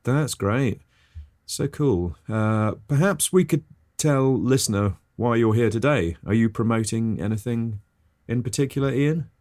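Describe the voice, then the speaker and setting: A man's voice: mid-range voice, measured pace, darkish tone, no room sound, clean studio sound. A man hosting a comic podcast, talking in a chirpy, eager and over-apologetic way. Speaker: podcast host. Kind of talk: comic scripted host patter.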